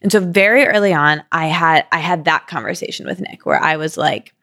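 A woman's voice: deep voice, a bit bright. A woman in her thirties telling a personal story in a candid, chatty way, full of "like" fillers. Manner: quick, chatty, frequent "like" fillers. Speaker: podcast guest.

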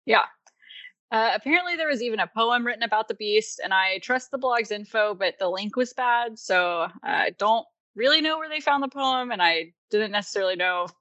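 A woman's voice: fairly high pitch, expressive, moderate pace, bright, forceful tone, no echo, muffled recording. A woman co-hosting a podcast, chatting casually and laughing often as she relays what she has read, with plenty of fillers. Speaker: podcast co-host presenting research. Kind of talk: casual chat.

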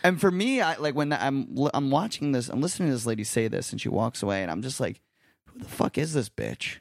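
A man's voice: mid-range voice, expressive, fast talker, gravelly, dry recording. A man co-hosting a podcast in a laid-back, supportive way, swearing when worked up. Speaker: podcast co-host. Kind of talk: casual chat.

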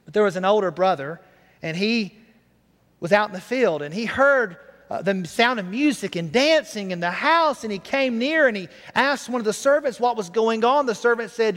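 High-voiced preacher in echoing hall. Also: male voice, animated, moderate pace, a bit bright. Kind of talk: sermon storytelling.

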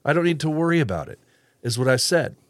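A man's voice: a little high, sing-song, quick pace, no room sound, studio quality. A man hosting a casual solo podcast, rambling with restarts and little chuckles as he reads live comments. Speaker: podcast host.

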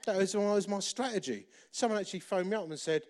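A man preaches by telling his own story. He is animated and jokes at his own expense. His speaking voice sits somewhat high. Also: fast. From England. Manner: animated, self-deprecating humour. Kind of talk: storytelling sermon.

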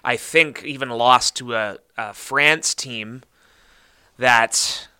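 A man with a bright, forceful voice hosts a casual podcast. He introduces his guest and keeps the talk moving with friendly, easy questions. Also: mid-range voice, slow pace, clean tone. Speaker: podcast host.

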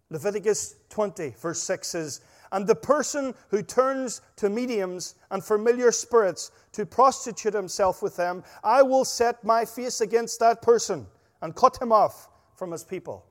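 High-voiced preacher, hall reverb. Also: male voice, a little slow. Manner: emphatic, storytelling, rising and dropping volume. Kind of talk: sermon.

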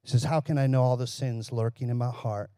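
A man's voice: medium pitch, steady tone, fairly quick, dark tone, no room sound. Man preaching a sermon, dry sound. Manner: conversational, asks the congregation questions, jokes. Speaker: pastor.

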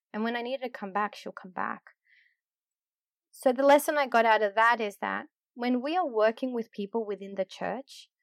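A woman's voice: on the high side, a bit bright, no room sound. Candid church leader woman, close dry mic. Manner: candid, self-deprecating, rambling with fillers. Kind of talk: casual reflective talk.

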